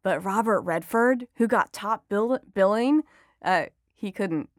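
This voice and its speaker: A woman's voice: medium pitch, a little slow, no echo, clean studio sound. A woman who is an entertainment reporter and author, chatting as an interview guest, telling stories with animation and frequent laughter. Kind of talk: conversational interview.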